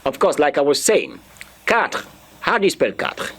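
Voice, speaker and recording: A man's voice: fairly high pitch, big pitch swings, a little fast, fairly bright tone. A man teaching a beginner French class, repeating words and spelling them out letter by letter. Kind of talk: classroom lesson.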